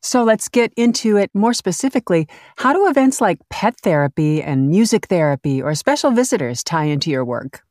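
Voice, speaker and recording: A woman interviewing a guest, warm and admiring in her questions. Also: lowish voice, sing-song, brisk, hardly any pauses, no room sound, studio quality.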